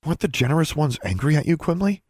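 A distressed teenage girl, played by a man reading a story who stammers under strain. His voice is pushed well above its usual pitch. The recording is dry and close. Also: big pitch swings, fast, darkish tone, dry recording. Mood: anxious. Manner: stammering, rising voice. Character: distressed teenage girl, defiant but shaken.

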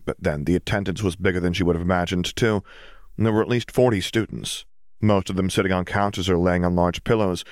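Deep-voiced man reading a story. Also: no echo, clean studio sound. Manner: steady, even storytelling. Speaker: narrator. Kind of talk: audiobook fiction reading.

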